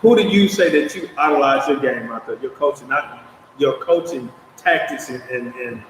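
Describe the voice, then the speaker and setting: Guy hosting a sports interview, stops and restarts a lot, sounds far and echoey with some noise. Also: mid-range voice. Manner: halting, restarts phrases. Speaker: show host. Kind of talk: casual interview. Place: outdoors at a stadium. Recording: echoey, distant outdoor mic with faint ambience.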